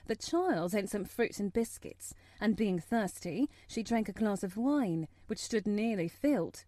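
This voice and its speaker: A woman reading a story aloud as an audiobook narrator, measured and expressive. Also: mid-range voice, no echo.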